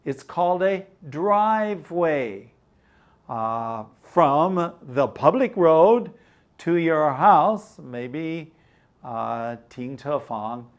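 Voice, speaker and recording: An older man teaching English through a story, explaining words slowly and glossing them in Mandarin. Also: fairly high pitch, expressive, highs cut off.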